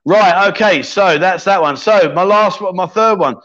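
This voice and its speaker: A man's voice: high voice, normal speed, a bit bright, dull audio. A man hosting a casual livestream chat show and running a quiz, trading cheeky banter with viewers in the chat.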